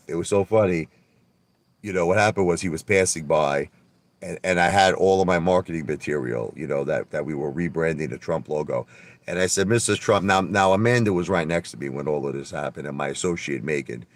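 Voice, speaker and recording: A man hosting a livestream, telling boastful stories in a brash, animated way, often stammering and repeating his words and swearing a little. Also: deep voice, no echo. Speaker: livestream host. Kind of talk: casual livestream monologue.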